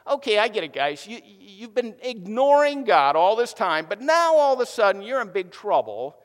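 A man playing a sarcastic male prophet who mocks desperate kings for turning to God only in trouble. He sounds exasperated and a little high-pitched. The voice rings with a long reverb, as in a large hall. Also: very animated, moderate pace. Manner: mocking, exasperated.

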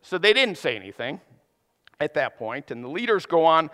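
A man's voice: fairly high pitch, big pitch swings, moderate pace, pushed and bright. A man preaching a sermon, retelling a scripture story in a casual, conversational way with playful asides. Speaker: pastor. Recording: long hall reverb.

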